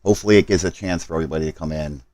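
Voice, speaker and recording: A man's voice: very deep voice, rapid-fire, a little mellow, dry recording. A man live streaming a game, talking to his chat while he hurries through setup and apologizes for his mistakes.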